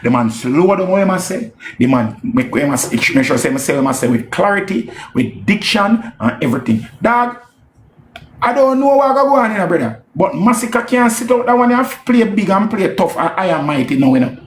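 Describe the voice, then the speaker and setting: A man with a Jamaican accent giving casual, animated reaction commentary on a live stream, repeating himself and swearing as he slips into patois. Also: fairly high pitch, a little fast, few pauses, roomy sound, slight background noise. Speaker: music commentator.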